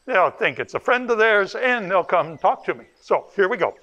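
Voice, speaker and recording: A man's voice: high voice, very animated, normal speed, a bit bright, dull audio. A man playing a goofy, rambling forest ranger in a children's church video, chatty and bumbling with lots of repeated yeahs. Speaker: children's ministry character.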